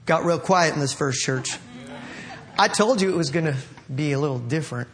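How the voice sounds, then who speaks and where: A middle-aged male pastor preaching a sermon, emphatic, slowing and swelling as he reads scripture aloud, repeating phrases and calling on the congregation to answer. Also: a little high, fairly bright tone. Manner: emphatic, slows down and rises when reading scripture aloud; repeats and restarts phrases, calls on the congregation to respond.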